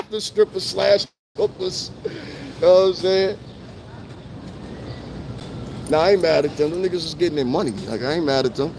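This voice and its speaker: A man's voice: a little high, a little fast, a little mellow, slight background noise. A middle-aged man chatting loosely to his live-stream viewers on a city street, full of swearing and laughter. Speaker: livestream host.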